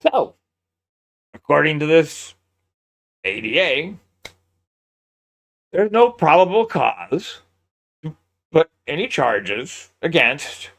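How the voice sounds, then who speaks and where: A man's voice: a little high, very animated, takes it slowly, vocal fry, long pauses, a bit bright. A man giving sarcastic, incredulous commentary on a crime case, talking close to a mic. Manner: sarcastic, incredulous, laughs often. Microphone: close mic, peaking.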